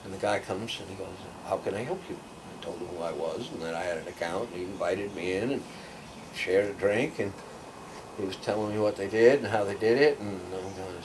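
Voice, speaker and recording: A man's voice: deep voice, a little fast. An older man telling rambling, casual stories, acting out the other people's voices and dropping to a near whisper for asides. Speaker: storyteller guest. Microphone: far from the mic. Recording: distant mic, audible background noise.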